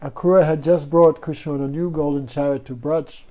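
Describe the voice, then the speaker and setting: Man teaching a devotional class, somewhat high voice, mellow tone, storytelling, keeps asking "no?". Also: steady tone, brisk. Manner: storytelling, asks the audience "no?" often. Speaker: spiritual teacher.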